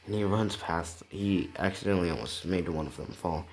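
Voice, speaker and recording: A young man improvising a fan story, soft-spoken, rambling, and often correcting himself. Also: low voice, a little fast. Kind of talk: improvised fan-fiction narration.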